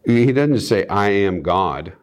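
A man's voice: fairly low pitch, animated, measured pace. A man reading Bible passages aloud and breaking in with casual comments, co-hosting a discussion. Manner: reads scripture aloud, then adds asides. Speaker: Bible study co-host.

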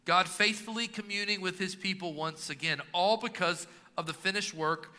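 Pastor, man in his 30s, sermon delivery, bright and slightly high voice, reverberant sanctuary. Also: normal speed. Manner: preaching with emphatic rising and dropping delivery. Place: church sanctuary. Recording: long reverb of a church hall.

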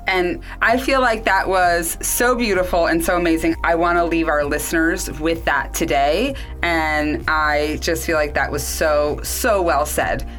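Lower-voiced woman podcast host. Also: rough recording. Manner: warm, encouraging interviewer. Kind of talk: casual podcast chat.

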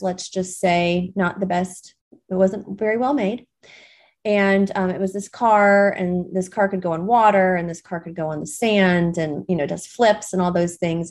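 A woman's voice: fairly low pitch, a little mellow. A woman hosting her own podcast, talking to parents in a chatty, reassuring way with plenty of fillers. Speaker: podcast host. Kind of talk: casual solo podcast talk.

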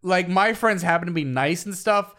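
A man's voice: high voice, moderate pace, a bit bright. A young man from Brooklyn co-hosting a casual podcast, acting out quoted exchanges and swearing freely. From Brooklyn, New York. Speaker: podcast co-host. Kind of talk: casual chat.

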